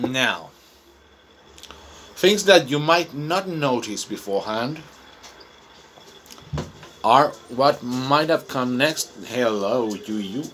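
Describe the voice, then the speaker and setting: A man's voice: mid-range voice, expressive, drawn-out words, long pauses, a bit bright, slight background noise. A Chilean man, a native Spanish speaker, who teaches English and talks through an unplanned monologue in a rambling, talkative way, full of fillers. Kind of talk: improvised self-recorded monologue.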